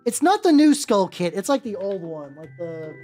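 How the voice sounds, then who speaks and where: A man with a high-pitched voice chatting casually with viewers as he paints miniatures. He rambles, with plenty of fillers, restarts and casual swearing. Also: big pitch swings, moderate pace, darkish tone. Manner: chats with viewers while working. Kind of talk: casual livestream chat while painting. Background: faint background music.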